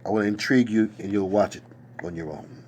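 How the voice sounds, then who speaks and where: Talking fast in a lowish, fairly even, slightly mellow voice, this man chats on a casual stream from his home desk. He reads out viewer comments, adding exclamations and asides, with slight background noise.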